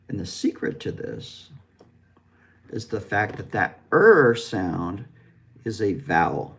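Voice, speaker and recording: A man gives a pronunciation lesson at a slow, deliberate pace. He speaks directly to the learner with plenty of encouragement. He draws out sounds so they can be repeated back to him. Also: on the low side, very animated, gravelly, a bit bright. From United States. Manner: demonstrative, stretches out drawn sounds for practice. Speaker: pronunciation teacher.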